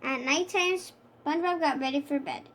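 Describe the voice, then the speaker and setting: A woman's voice: sits high, moderate pace, a bit bright. A woman reading a children's storybook aloud, with small slips she corrects as she goes. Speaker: storybook reader.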